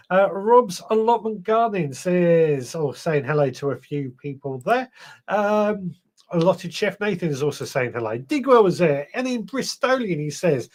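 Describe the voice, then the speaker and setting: A man hosting a gardening live stream, chatting casually and greeting viewers one by one. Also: a little high. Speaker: podcast host. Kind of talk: live stream chat reading viewer comments.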